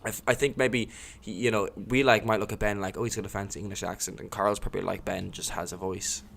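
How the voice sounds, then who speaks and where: Irish guy hosting a chill podcast, lowish voice, kinda trails off. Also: steady tone, quick pace, gravelly, fairly bright tone. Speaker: podcast host. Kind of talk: casual chat.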